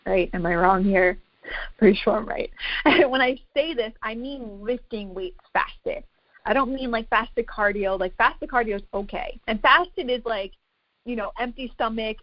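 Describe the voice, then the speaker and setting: A woman's voice: medium pitch, dry recording, muffled recording. A woman fitness coach giving a casual, chatty talk to an online group, emphatic and full of filler words.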